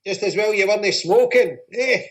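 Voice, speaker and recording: A Scottish man co-hosting a relaxed talk show. He chats, rants and teases his callers in an everyday way. His voice sits a little higher than most men's. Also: moderate pace, slight background noise, low-quality recording. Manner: chatty, ranting, teasing. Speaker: co-host. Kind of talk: casual radio chat.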